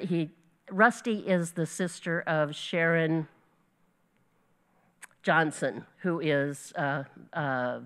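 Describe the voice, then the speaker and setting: A woman's voice: lowish voice, a bit bright, clear, resonant tone. A woman teaching a Bible lesson to her group, earnest and storytelling, with small slips she corrects as she goes. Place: church gathering.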